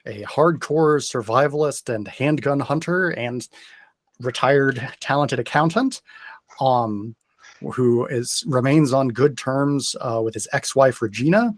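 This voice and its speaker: A male game master explains rules in a careful, hesitant, methodical way. His voice sits at a middle pitch for a man. The sound is dry and close, with little room. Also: takes it slowly, dry recording.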